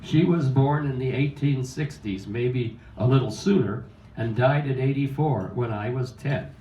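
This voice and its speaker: Older man, eighties, unhurried poetry reading, distant mic, echoey cafe. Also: mid-range voice, dark tone, slight background noise. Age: 80s. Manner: slow, reflective, measured recitation. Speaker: open mic poet. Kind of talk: reading memoir poetry aloud. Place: small cafe at an open mic. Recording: roomy cafe sound from a distance.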